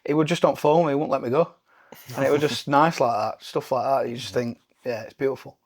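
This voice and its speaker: A man's voice: medium pitch, steady tone, brisk. A man from Barnsley with a broad Yorkshire accent, co-hosting a podcast, chatting casually, telling stories and laughing often. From Barnsley, England. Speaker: podcast co-host. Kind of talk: casual chat.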